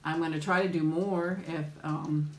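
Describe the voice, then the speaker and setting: A woman's voice: low-pitched, fairly even intonation, moderate pace, echoey room, a little hiss or hum. A woman hosting a casual mukbang live chat, greeting viewers by name with ums and little laughs. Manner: chatty, warm greetings, frequent laughs and ums. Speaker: mukbang livestream host.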